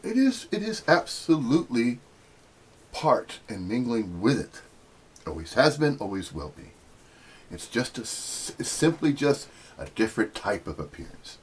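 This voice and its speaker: A middle-aged American man giving a rambling, teasing spiritual talk, jumping up into sudden high-pitched emphasis. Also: sing-song, measured pace, slightly rough. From United States. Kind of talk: casual spiritual monologue.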